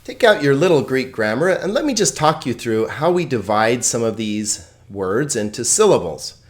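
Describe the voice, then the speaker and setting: Greek teacher, voice-over lesson, playful, lively up-and-down delivery, slow careful drills. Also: medium pitch. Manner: playful, chuckles at own jokes; slow, deliberate word-by-word pronunciation drills. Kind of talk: video lesson on Greek pronunciation.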